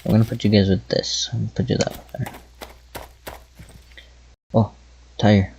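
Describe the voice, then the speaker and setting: A man's voice: on the low side, flat delivery, normal speed, gravelly, a little mellow, slight background noise. A man giving casual gameplay commentary, muttering to himself while he plays. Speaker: gameplay video host.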